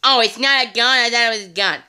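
A man's voice: very high-pitched, quick pace, pushed and bright, smooth, exaggerated voice. A man playing a naive, clueless grown man in a fan-made skit, sounding bewildered.

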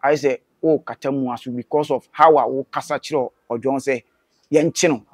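A man's voice: mid-range voice, steady tone, normal speed, breathy edge, no room sound. A man with a Ghanaian accent interviewing a guest, mostly nudging him along with short replies and the odd question. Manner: prompting, short backchannel replies. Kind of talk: casual interview.

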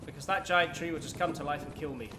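A man's voice: fairly high pitch, quick pace, heavy background noise. A man commenting on his own gameplay, panicky, yelping and swearing as he plays. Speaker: gaming channel host. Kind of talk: let's play commentary. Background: game music.

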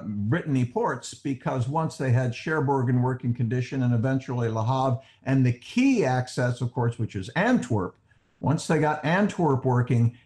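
A man's voice: mid-range voice, a little mellow. A man speaking as a historian on a panel, explaining with animation. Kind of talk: panel discussion.

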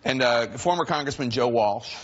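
A man hosting a televised news panel, putting measured questions to his guests. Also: mid-range voice, animated, noisy background. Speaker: news host moderating a panel. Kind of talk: broadcast panel discussion. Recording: dull lo-fi broadcast audio.

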